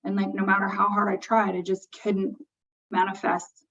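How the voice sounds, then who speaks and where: A woman's voice: mid-range voice, completely flat delivery, moderate pace, vocal fry, fairly bright tone. A woman hosting a podcast, speaking in a reflective, earnest conversational way. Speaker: podcast host. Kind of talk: conversational interview. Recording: distant, muffled lo-fi audio.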